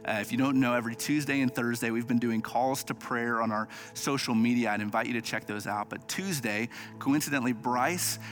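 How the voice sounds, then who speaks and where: A man's voice: medium pitch, brisk, few pauses, fairly bright tone, faint music behind. A man, an associate campus pastor, giving a sermon in an earnest, humble way with frequent small restarts.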